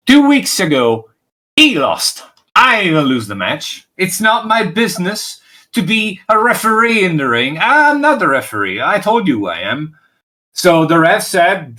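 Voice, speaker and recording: A man voicing a boastful wrestling champion in an online role-play, sounding indignant. His voice is bright and fairly high, and his pitch swings widely. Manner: boastful and indignant, quick interjections. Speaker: virtual wrestler in a press conference. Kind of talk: in-character voice chat role-play.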